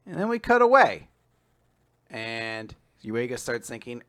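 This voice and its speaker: His voice sits on the low side, clear and resonant, and he talks a little slowly. As co-host of a casual manga recap show, he walks through scenes animatedly, slipping into exaggerated character voices to act out their lines.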